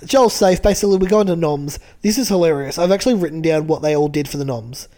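High-voiced man recapping a reality show. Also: quick pace. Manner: animated, joking, detailed storytelling. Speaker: podcast co-host.

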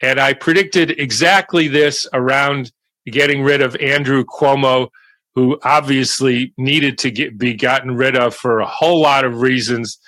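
An older man delivering a slow, deliberate monologue of commentary. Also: mid-range voice, steady tone, pushed and bright, no room sound.

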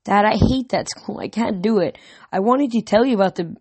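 A woman's voice: medium pitch, brisk, darkish tone, slightly rough, dry recording, pitched above the performer's own voice. A woman reading the part of a hurt, angry teenage girl who pleads emotionally, recorded dry and close. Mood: upset. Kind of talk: audiobook character reading.

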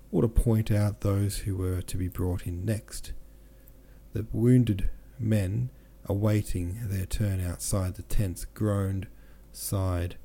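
A man reading a classic novel aloud as a podcast narrator, steady, with small slips he corrects himself. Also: lowish voice. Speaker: audiobook narrator and podcast host.

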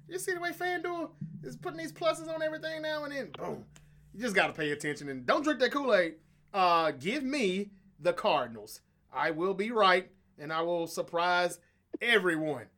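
Higher-pitched man, boastful sports banter. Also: very animated, normal speed, sharp tone. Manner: confident, boastful trash talk. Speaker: podcast co-host. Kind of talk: casual sports chat.

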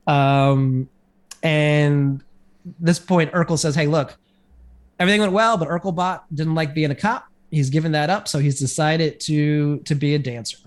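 Male podcast co-host, slightly high voice, loose rambling recap delivery. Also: fairly even intonation, unhurried, darkish tone. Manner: rambling, filler-heavy retelling. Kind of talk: casual chat.

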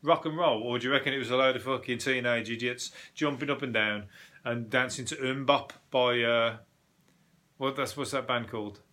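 Sweary man, bright forceful voice. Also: mid-range voice, steady tone, moderate pace. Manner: sweary, laughing, rambling. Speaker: podcast host. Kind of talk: casual news review chat.

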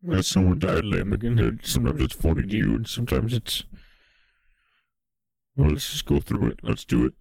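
Male comedy co-host, deep husky voice, animated intonation, improvised riffs. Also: normal speed, pauses often, no echo. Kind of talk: absurdist comedy radio chat.

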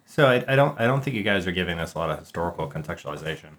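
A man co-hosting a casual book podcast, teasing in a deadpan, mock-lecturing way. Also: deep voice, rapid-fire. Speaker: podcast co-host. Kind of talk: casual book-club chat.

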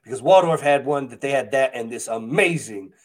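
A young adult man co-hosting a podcast in casual chat, teasing, crude and animated. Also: medium pitch, brisk. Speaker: podcast co-host.

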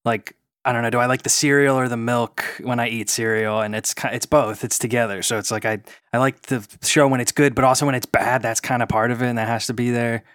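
A man's voice: mid-range voice, fairly even intonation, fairly quick, hardly any pauses, a bit bright, dry recording, studio quality. A man co-hosting a podcast, talking in a wry, mock-complaining way in casual chat. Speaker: podcast co-host.

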